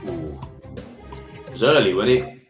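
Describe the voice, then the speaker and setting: A man's voice: sits low, sing-song, a little slow, echoey room, music in the background. A man with a Birmingham accent co-hosting a football phone-in live stream, reading out quiz questions twice in a chatty way. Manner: reads each question twice, chatty with frequent "mate".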